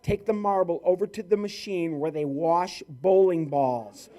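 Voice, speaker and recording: A male comedian and ventriloquist doing live stand-up with crowd work on stage at a corporate event, telling stories in a lively, playful way. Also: on the high side, unhurried.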